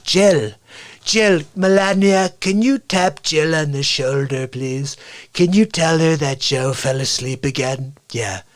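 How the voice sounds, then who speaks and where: A man's voice: a little high, slow. A man doing a comedic impression of a boastful older male politician, gloating in clipped, bragging phrases on a live stream. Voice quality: clipped, bragging catchphrase delivery.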